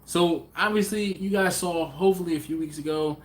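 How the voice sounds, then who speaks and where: A man's voice: a little high, brisk. A middle-aged man hosting a barbecue channel, chatting casually on a live stream and reading out viewer comments in a laid-back, slangy way.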